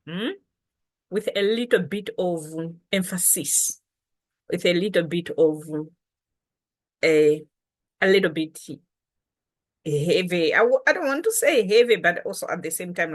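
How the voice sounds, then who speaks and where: A woman teaching words of her language patiently, repeating each term slowly. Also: fairly low pitch. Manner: patient, explains slowly with repetition. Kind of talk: language lesson.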